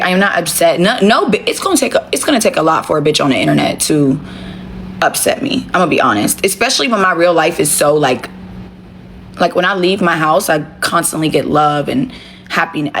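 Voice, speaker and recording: A woman's voice: low voice, a bit bright, slight background noise. Blunt, profane woman live-streaming from home. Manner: blunt, profane, talks straight to viewers. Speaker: livestream host. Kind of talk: casual livestream chat.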